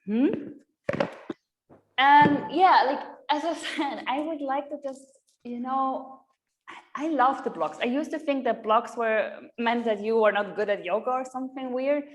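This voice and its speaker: A woman's voice: high-pitched, a little slow. A woman in her thirties, a yoga teacher chatting with her online class, rambling and laughing often at herself.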